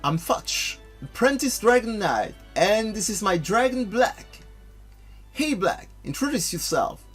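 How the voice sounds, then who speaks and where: A brash young dragon knight apprentice, teasing and sure of himself, as a man reads his lines aloud. His voice sits a little high. Soft music plays underneath. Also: big pitch swings, unhurried, exaggerated voice. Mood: boastful.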